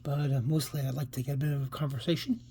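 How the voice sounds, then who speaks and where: A man's voice: medium pitch, flat delivery, fast talker, warm tone, slight background noise. A man hosting a casual comic book read-through, rambling with many fillers and restarts. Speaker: comic book channel host.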